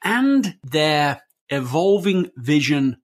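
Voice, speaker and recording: A man's voice: fairly high pitch, sing-song, slow pace. A man hosting a podcast interview, introducing guests and asking questions with enthusiasm. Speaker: podcast host.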